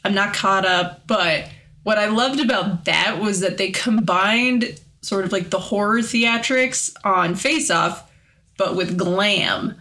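A woman's voice: medium pitch, takes it slowly, sharp tone. A young woman co-hosting a podcast, chatting casually and explaining things in detail with lots of "like". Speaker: podcast co-host. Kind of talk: casual chat.

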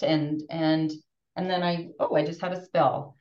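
A woman in her fifties chatting as a podcast guest, animated and emotional, often restarting her sentences. Her voice sits on the lower side. She sounds set back from the mic in a roomy space, with muffled audio. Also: measured pace, distant mic. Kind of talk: casual podcast conversation.

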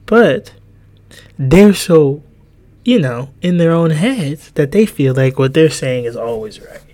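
A man's voice: animated, slow pace, a little mellow. Rambling, profane podcast host, a man. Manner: profane, rambling, jumps between pitches. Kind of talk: casual podcast rant.

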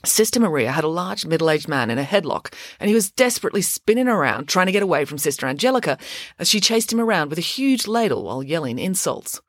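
A woman narrating a storybook in a lively, expressive reading voice. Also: fairly low pitch, fast, no room sound, studio quality. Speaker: audiobook narrator.

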